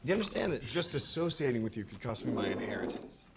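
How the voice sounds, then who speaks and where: A man's voice: mid-range voice, sing-song, quick pace, vocal fry. An actor playing a wary wealthy young man worried about his inheritance, heard as a film clip. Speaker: film character. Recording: film clip with background noise.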